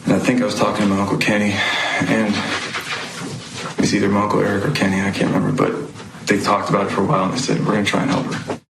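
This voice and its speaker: A man testifying as a witness in court, speaking haltingly with many pauses and fillers. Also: on the low side, monotone, vocal fry. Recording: echoey noisy courtroom audio.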